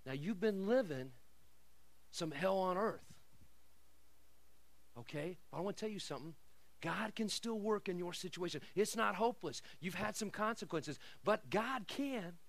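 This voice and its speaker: A middle-aged man preaching a sermon, swinging from quiet asides and laughter to shouted declarations. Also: high-pitched, expressive, normal speed, dry recording. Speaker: pastor.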